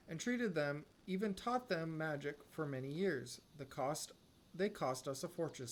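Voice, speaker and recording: A man's voice: fairly high pitch, slight background noise, natural voice. A man reading as a haughty captive slaver woman. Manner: haughty, threatening, pleading. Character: arrogant female slaver agent, captive. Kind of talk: reading game dialogue aloud.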